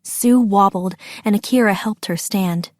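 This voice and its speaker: A woman narrating a children's storybook with a steady, deliberate reading. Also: mid-range voice, dry recording, studio quality.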